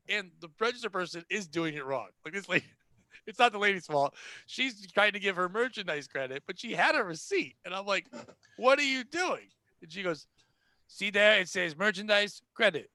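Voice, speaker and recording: A man's voice: high-pitched, no echo. A man hosting a podcast, telling a retail work story in a blunt, sarcastic way and acting out the people in it. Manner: animated, acts out the people in his stories. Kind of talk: casual storytelling chat.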